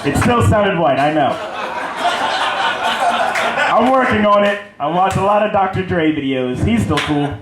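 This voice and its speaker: A man with a high, bouncy voice hosts a comedy night, taking his time over each joke and introduction. His voice echoes through a small cafe room, buried under loud background noise and clicks. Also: expressive, a little slow, long pauses. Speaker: open mic host. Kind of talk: stand-up host banter and introductions. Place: small cafe at an open mic.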